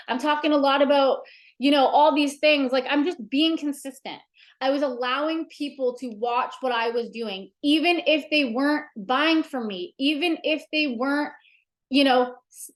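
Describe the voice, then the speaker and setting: A woman leading a casual livestream coaching session, talking chattily with lots of fillers and emphatic asides. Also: high-pitched. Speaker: direct sales team leader.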